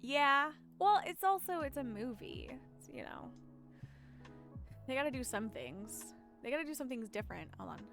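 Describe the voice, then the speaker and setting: Giggly chatty streamer lady, bit high pitched, faint music behind. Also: very animated, normal speed, creaky, fairly bright tone. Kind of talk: casual chat while gaming.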